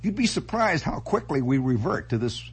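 A man's voice: mid-range voice, very animated, moderate pace, slightly rough. A man hosting a radio monologue, rambling theatrically and making sound effects with his voice. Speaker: radio host. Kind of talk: late-night radio monologue. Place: radio studio.

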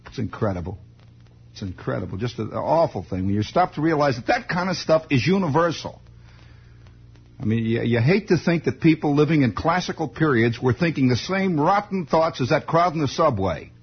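A man's voice: a little high, lively intonation, moderate pace, breathy edge. A man hosting late-night radio, delivering a wry, sardonic rambling monologue. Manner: wry, sardonic, mock-grumpy. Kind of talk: rambling monologue with sing-alongs. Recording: lo-fi old radio broadcast.

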